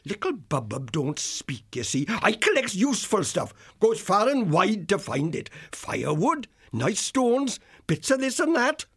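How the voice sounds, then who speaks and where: A cheerful old dormouse rattles on in homely country talk. His voice sits high and swings up and down all the time. He sounds friendly, lonely and endlessly chatty in a storybook drama. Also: wildly swooping pitch, unhurried, hardly any pauses, a bit bright, slightly rough, heavily acted. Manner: rustic folksy speech, rambling and friendly. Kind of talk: full-cast audiobook acting.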